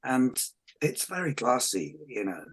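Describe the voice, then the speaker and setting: A man's voice: mid-range voice, sing-song, unhurried, slightly rough. A man talking as a podcast guest, articulate and explanatory. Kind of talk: casual chat.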